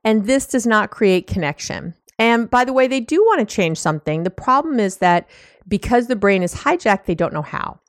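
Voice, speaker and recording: A woman coach talks her listeners through a topic in a lively, chatty way, slipping into short acted-out bits of dialogue. Her voice sits at a middle pitch. The sound is dry and close, with no room around it. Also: normal speed, no echo. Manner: animated, acts out little quoted exchanges, frequent "you know"; warm and teasing with listeners. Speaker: relationship coach and podcast host. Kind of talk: casual explanatory talk.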